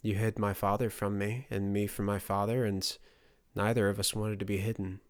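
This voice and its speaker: A man voicing a bitter, angry young man in an audiobook, keeping his voice low and level. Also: level tone, normal speed, no echo, studio quality, natural voice. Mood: cold.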